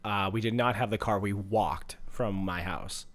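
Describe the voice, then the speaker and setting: A man's voice: lowish voice, a little slow. Young man telling a rambling story. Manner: rambling, profane, laughs through his stories. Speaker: podcast co-host. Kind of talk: casual storytelling.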